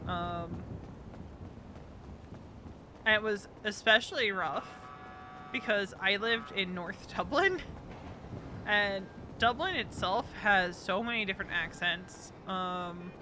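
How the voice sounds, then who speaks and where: A woman from New Jersey streaming a game, chatting casually and rambling with frequent ums. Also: mid-range voice. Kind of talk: casual gaming chat. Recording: game sounds and vehicle noise behind. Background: game ambience and vehicle sounds.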